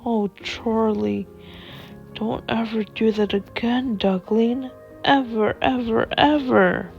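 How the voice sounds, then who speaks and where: A woman doing a gentle, protective dad. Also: fairly high pitch, steady tone, gravelly, muffled recording, faint music behind. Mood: tender. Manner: soft, slow and soothing. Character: protective, loving father, gentle and firm.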